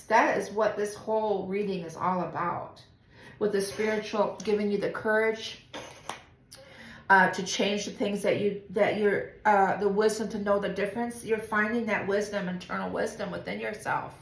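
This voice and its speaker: A woman tarot reader talking through a spiritual reading in a soft, meandering way, with many pauses and fillers. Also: mid-range voice, steady tone, slight background noise. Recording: roomy echo with faint ambience.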